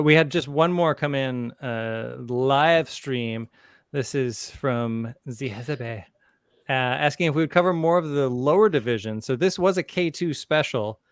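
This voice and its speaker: A man's voice: medium pitch, dry recording, clean studio sound. A man hosting a casual podcast, jokey and rambling, often breaking off mid-thought. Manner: jokey, rambling, self-interrupting. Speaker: podcast host.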